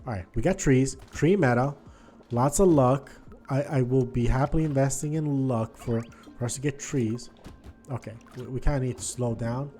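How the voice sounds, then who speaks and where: Excitable gaming commentator, mellow voice. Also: male voice, medium pitch, moderate pace, soft background music. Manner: excitable, swings from muttering to frustrated outbursts; thinks aloud, repeats words and restarts. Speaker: gaming video host. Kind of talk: casual gameplay commentary.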